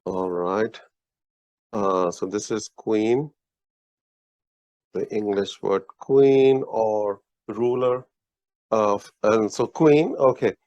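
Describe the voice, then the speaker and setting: An Urdu teacher with a low, darkish voice leads a casual one-on-one language lesson, patient and slow, often starting over and giving praise. The recording is dry, dull and lo-fi.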